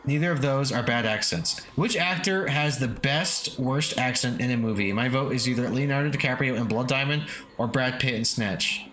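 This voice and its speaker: A man's voice: medium pitch, normal speed, a bit bright. A man streaming games, chatting casually, reading chat aloud, swearing freely and chuckling often. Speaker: game streamer. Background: faint lofi background music.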